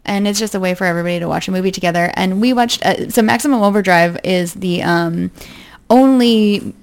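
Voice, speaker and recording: Woman, casual podcast chat, gravelly creaky voice, rambling, lots of fillers. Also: mid-range voice, a little fast.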